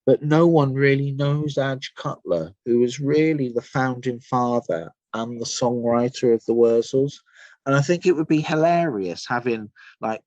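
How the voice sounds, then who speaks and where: In a dry recording, a mid-range male voice belongs to an English musician from Somerset. As a podcast guest he rambles happily through stories in casual chat, leaning heavily on fillers.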